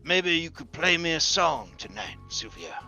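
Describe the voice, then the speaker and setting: A man's voice: fairly high pitch, sing-song, moderate pace, gravelly, bright, forceful tone, faint music behind, voice pushed up, heavily acted. A man doing a lazy, burly lady boss. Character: burly woman boss, relaxed and demanding. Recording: dull lo-fi stream audio.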